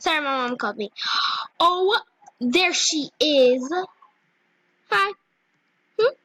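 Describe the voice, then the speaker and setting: A young female gaming vlogger chatting casually and giggly over her gameplay, with squealing excited asides. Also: high-pitched, slow, pauses often, no echo, poor audio. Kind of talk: casual game commentary.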